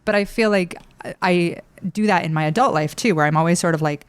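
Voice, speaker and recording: A woman's voice: on the low side, brisk, smooth, no echo. A middle-aged woman hosting a podcast, talking in a friendly, chatty way and laughing easily. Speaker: podcast host. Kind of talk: casual podcast conversation.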